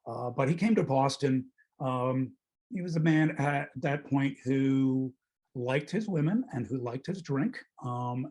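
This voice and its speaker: A middle-aged male film critic leading a relaxed film club talk. His voice is husky and mid-pitched, and he wanders through his points with pauses and self-corrections. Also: rough recording. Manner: discursive, hesitant, self-correcting. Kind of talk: casual film discussion.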